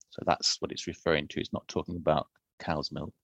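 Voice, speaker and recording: Low gravelly man explaining food history. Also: fast talker, fairly bright tone, no room sound. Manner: thoughtful, explanatory, reads old recipe text aloud. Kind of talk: casual podcast conversation.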